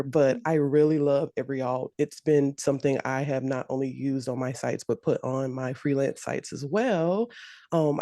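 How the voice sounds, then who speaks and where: A woman developer and instructor introducing herself on a video call panel, who has lost her voice and speaks low, in a chatty, enthusiastic way. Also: mellow, no room sound, studio quality.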